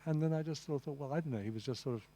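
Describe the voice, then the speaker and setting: A man's voice: a little high, racing, mellow. A man lecturing at a master class on translation, enthusiastic and rambling, with many asides to the audience and "you see.". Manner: frequent restarts and "you see". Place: lecture room.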